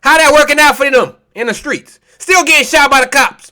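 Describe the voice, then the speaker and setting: A man's voice: extremely high pitch, brisk, pushed and bright. A male preacher delivering a sermon, mocking and impassioned, with many rhetorical questions. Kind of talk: sermon with scripture reading.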